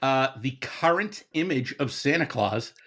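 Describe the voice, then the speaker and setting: A man's voice: medium pitch, animated, measured pace, fairly bright tone. A man co-hosting a podcast, teasing the host with profane jokes. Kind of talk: casual podcast banter.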